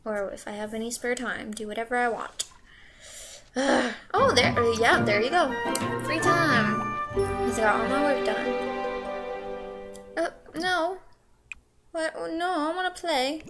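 A woman's voice: a little high, a little slow, pauses often, a bit bright, soft background music. A young woman casually commenting on her gameplay, playful and giggly, humming and singing little tunes to herself.

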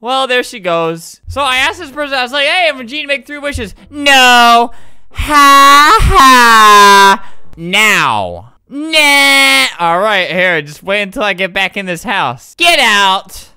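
A young woman giving playful gameplay commentary, swinging into loud squealing excitement. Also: on the high side, brisk, hardly any pauses, clear, resonant tone. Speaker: Roblox gaming YouTuber.

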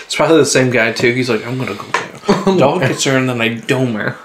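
A young man playing a game with a friend, laughing and swearing loudly at it in casual chat. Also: mid-range voice, fast talker, background noise. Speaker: gaming channel co-host playing.

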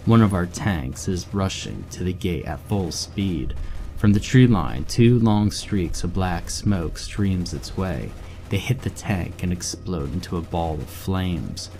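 A man narrating a horror story in a measured, steady reading. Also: low voice, a little hiss or hum.

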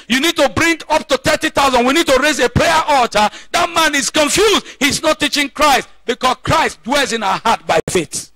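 A man's voice: very high voice, lively intonation, moderate pace, sharp tone, dry recording. A male pastor preaching a sermon, emphatic, repeating points and calling out questions to the congregation. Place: church.

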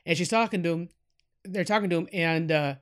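A podcast host talks through a movie in a relaxed, meandering way, with plenty of fillers and asides. His voice sits noticeably high for a man. It sounds like easygoing talk among fans, not a scripted read. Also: brisk, clean tone. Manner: rambling, chatty, many fillers, addresses listeners as guys. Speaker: podcast host reviewing a film. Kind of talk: casual spoken film review.

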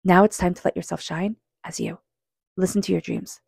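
Female tarot reader, low-pitched and dry-sounding, earnest and calm, addresses the listener directly. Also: a little fast, gravelly, husky, no room sound. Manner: earnest, speaks straight to the listener. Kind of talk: psychic tarot reading.

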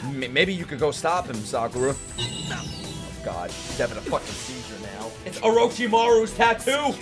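A young man reacting to an anime episode in casual, jokey commentary, swearing freely and yelling at big moments. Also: mid-range voice, expressive, moderate pace. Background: anime audio and music playing.

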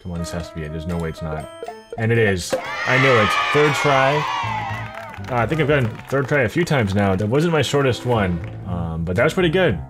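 A gaming YouTuber thinks aloud over background music while playing a word puzzle, muttering half-words and guesses and often laughing at himself. His voice sits on the low side with big swings in pitch, and he talks fast with hardly any pauses.

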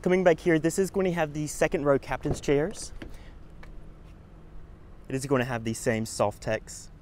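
A man giving a brisk walkaround tour of a car at a dealership, listing its features in short bursts. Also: on the high side, steady tone, darkish tone, slight background noise.

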